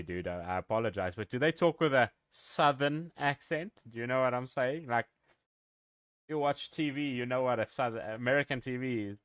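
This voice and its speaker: Live-streaming a game, a man from South Africa rambles and jokes casually with his viewers. He has a medium-pitched voice, recorded with clean studio sound and no echo.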